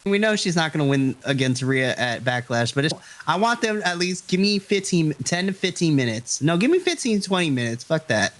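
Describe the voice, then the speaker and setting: A man's voice: a little high, very animated, fairly quick, hardly any pauses, fairly bright tone. Playful laughing male podcast co-host. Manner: playful, laughs often, blunt. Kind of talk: casual chat reacting to wrestling.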